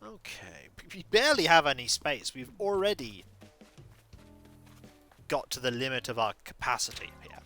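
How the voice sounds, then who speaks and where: Bright, bouncy man chatting over a game stream. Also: mid-range voice, big pitch swings, moderate pace, long pauses, soft background music. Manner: playful, rambling, self-mocking. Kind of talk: casual live game stream commentary.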